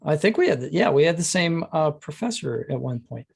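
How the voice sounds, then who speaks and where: A man hosting a podcast who tells anecdotes in a chatty way and gets animated when quoting others. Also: on the high side, brisk, vocal fry, slightly rough. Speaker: podcast host. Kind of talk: casual conversation, anecdotes.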